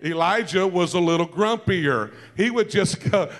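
Man preaching, lively and anecdotal, pitched a bit high. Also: moderate pace, hardly any pauses, big-room sound. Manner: lively storytelling with asides and laughter; calls out to the congregation. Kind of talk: sermon.

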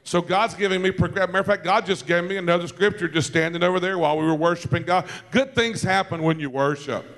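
A man preaching a sermon, telling stories with quick asides and laughter and calling out to the congregation. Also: sits high, big-room sound. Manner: lively storytelling with asides and laughter; calls out to the congregation.

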